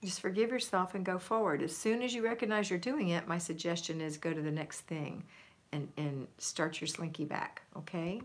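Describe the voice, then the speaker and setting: A chatty woman hosts a casual live stream from home. She reads viewer comments aloud, laughs easily and talks warmly to her audience through a phone or webcam. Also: on the low side, steady tone, normal speed. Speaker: livestream host.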